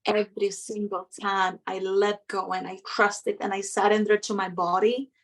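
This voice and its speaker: A woman's voice: medium pitch, little pitch movement, moderate pace. A middle-aged woman, a guest in an interview, telling a personal story in a reflective, emotional way and acting out her inner voices.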